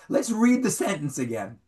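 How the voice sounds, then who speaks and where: Speaking a little slowly in a voice on the high side, a man leads a small group through an interactive Bible lesson. He's animated, quizzing the students and reading verses aloud, Hebrew among them.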